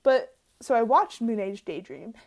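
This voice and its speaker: Rambling, excitable young woman, slightly high voice. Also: a little slow, gravelly. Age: young adult. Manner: rambling, excitable, laughs often, swears casually. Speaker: art student vlogger. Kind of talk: casual sketchbook tour vlog.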